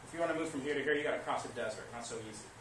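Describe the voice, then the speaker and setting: A man teaching history to a class, lively, asking questions and answering them himself. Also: medium pitch, rapid-fire. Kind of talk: classroom lecture. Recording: echoey classroom recorded from far off, noisy.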